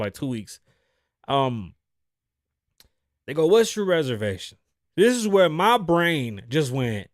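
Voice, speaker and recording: A man hosting his own show, telling stories in a casual, profane, animated way. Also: a little high, no room sound, studio quality. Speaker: podcast host. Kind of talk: casual monologue.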